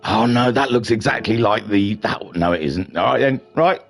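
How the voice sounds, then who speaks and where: A man's voice: fairly low pitch, normal speed, vocal fry. A middle-aged man hosting a racing league stream in a chatty, self-mocking, slightly flustered way. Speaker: league race stream host. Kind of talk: casual live-stream race commentary.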